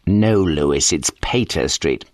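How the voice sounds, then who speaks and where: A man's voice: rumbling low, animated, a little slow, dry recording, studio quality, voice pushed down. A man reading an audiobook, voicing a curt, authoritative police inspector. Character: gruff, sharp-tongued older male police inspector.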